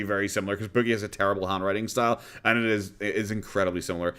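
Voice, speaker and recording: A man's voice: fairly low pitch, steady tone, quick pace, fairly bright tone. An Irish man hosting a casual commentary stream, sarcastic and profane, breaking into laughter often.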